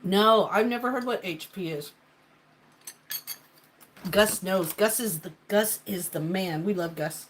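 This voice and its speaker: A chatty woman hosts a casual cooking livestream from her home kitchen. She rambles and jokes with her viewers and even talks to her food, in a mid-pitched voice. Soft clinks of dishes and pans sit faintly behind her. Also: slow, pauses often, slight background noise, poor audio. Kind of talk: casual live-stream cooking chat.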